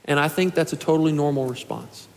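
Earnest young preacher in a reverberant hall. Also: male voice, on the high side, fast, vocal fry. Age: 20s. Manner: earnest, pleading, builds to shouts. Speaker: pastor. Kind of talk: sermon. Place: church sanctuary.

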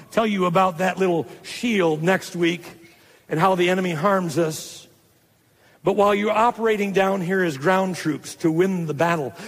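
A male pastor preaching a sermon to a live congregation, getting excited as he goes. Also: high voice, in a large hall, a little hiss or hum. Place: church hall.

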